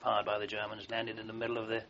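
Speaking quickly in a lowish, monotone voice with a slight brightness, an elderly army veteran tells drawn-out war stories. He wanders, uses fillers, and restarts often, and the oral history recording sounds dull and lo-fi.

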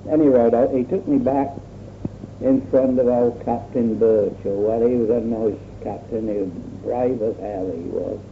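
An older man telling his own war memories in a rambling, plainspoken way. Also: mid-range voice. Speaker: war veteran. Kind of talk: oral history recollection. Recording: tinny lo-fi old recording with faint hiss.

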